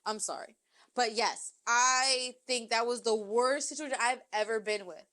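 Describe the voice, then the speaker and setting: A young woman co-hosting a podcast, telling a story in casual chat, animated and swearing, acting out quotes. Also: a little high, normal speed. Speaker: podcast co-host.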